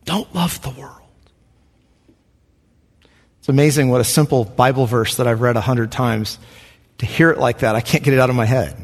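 Man, pastor, earnest sermon delivery at a middle pitch, heard in a church hall with a long tail of reverb. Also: fairly even intonation, fast. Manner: earnest, preacherly, repeats questions for emphasis.

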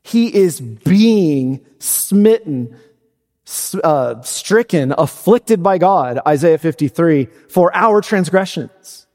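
A man preaching a sermon as pastor, slow and deliberate, climbing to high emphatic peaks. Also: expressive, a little mellow. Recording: long hall reverb.

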